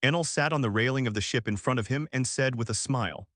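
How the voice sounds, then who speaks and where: A male text-to-speech voice narrating a fantasy novel audiobook with a flat, even delivery. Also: medium pitch, quick pace, no room sound, studio quality. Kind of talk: machine-read novel narration.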